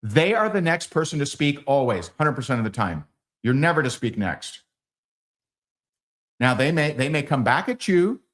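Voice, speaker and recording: Man, sales trainer, energetic, acts out calls, live training. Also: mid-range voice, normal speed.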